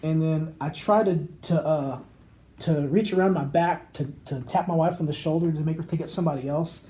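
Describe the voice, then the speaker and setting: A man's voice: a little high, a little fast. A man co-hosting a podcast, telling a long casual anecdote and acting out the people in it. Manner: rambling, animated anecdote with acted quotes. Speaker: podcast co-host. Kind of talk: casual storytelling chat.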